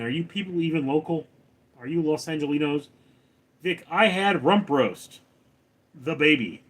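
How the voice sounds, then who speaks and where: A man's voice: on the high side, fairly bright tone. A man hosting a casual livestream, reading viewer comments aloud and answering them with wry jokes. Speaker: livestream host reading chat. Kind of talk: casual live chat.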